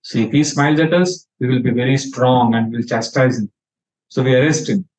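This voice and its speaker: A man giving a scripture lecture as a spiritual teacher, narrating stories in an animated way and acting out the quotes. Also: medium pitch, fairly quick. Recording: dull lo-fi sound.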